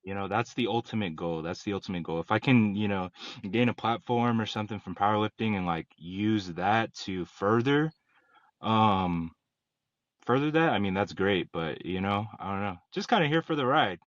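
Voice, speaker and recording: A young man on a podcast who talks in a relaxed, hesitant way, full of fillers. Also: fairly low pitch, moderate pace, dry recording, lo-fi sound. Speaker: podcast guest, powerlifter. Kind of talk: casual chat.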